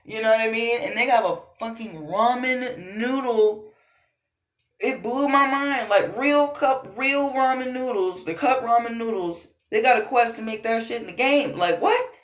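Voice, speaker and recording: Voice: mid-range voice, unhurried, fairly bright tone. Exasperated, swearing gamer rant in an echoey room. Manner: exasperated, profane, rambling. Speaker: gaming vlogger. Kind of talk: casual rant. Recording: roomy echo.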